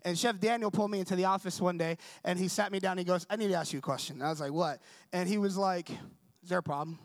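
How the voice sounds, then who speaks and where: A man's voice: high voice, steady tone, fast talker, no room sound. A young man giving a conversational sermon, telling a story and acting out the dialogue, often checking in with the audience. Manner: conversational, asks the audience for agreement. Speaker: preacher.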